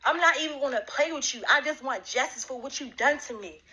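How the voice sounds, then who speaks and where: A woman's voice: high voice, a little fast, sharp tone, lo-fi sound, a little hiss or hum. A woman ranting straight to camera, repeating accusations at one man. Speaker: vlogger addressing a rival. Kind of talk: confrontational direct-to-camera rant.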